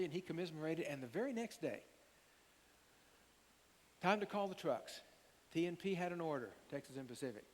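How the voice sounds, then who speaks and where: An older man preaching a sermon as pastor, an animated storyteller who acts out the quotes. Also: on the high side, moderate pace, long pauses. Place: church sanctuary. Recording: long hall reverb, faint hiss.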